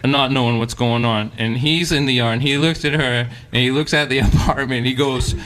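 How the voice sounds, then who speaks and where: A man spins a live anecdote on stage, animated and self-mocking and chuckling through it. His voice sits at a middle pitch. A faint noise runs underneath. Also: brisk. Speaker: musician telling a story on stage.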